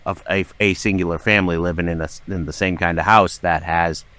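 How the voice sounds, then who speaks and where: A middle-aged man, a podcast guest, telling a story with lots of swearing and dramatic acted-out shouting. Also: sits low, fairly even intonation, fairly quick. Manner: profane, dramatic, acts out his own shouting. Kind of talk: animated storytelling.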